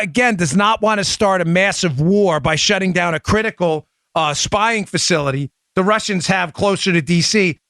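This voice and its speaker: A man hosting a talk show, speaking rapidly and emphatically and addressing listeners directly on a close studio mic. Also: high-pitched, a bit bright, dry recording. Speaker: show host. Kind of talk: opinion talk show monologue.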